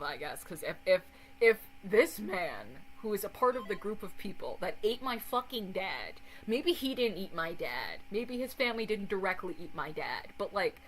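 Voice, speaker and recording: A young woman chatting casually with a friend while they watch a recap, animated, laughing often and swearing freely. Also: on the low side, a little slow, a little hiss or hum, poor audio. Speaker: host.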